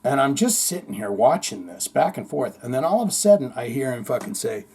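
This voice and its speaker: Rambling, cursing podcast host. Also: male voice, mid-range voice, fairly quick, creaky, hardly any pauses, husky. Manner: rambling, profane, animated storytelling with acted-out quotes. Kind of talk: casual storytelling monologue.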